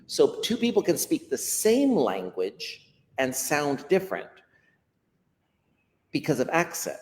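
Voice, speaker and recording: An American man talks through ideas like a teacher, his fairly high voice rising and falling with lively swings. His words trail off into a long, reverberant echo around him. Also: slow. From United States. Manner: animated teacherly explaining, acts out quotes. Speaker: ESL educator, guest. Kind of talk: explanatory interview talk.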